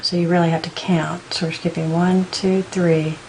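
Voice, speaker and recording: A woman giving a patient step-by-step beading tutorial, counting out beads slowly as she works. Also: on the low side, flat delivery, a little mellow, slight background noise, poor audio. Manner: patient, counts beads aloud in slow steps. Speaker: beading instructor.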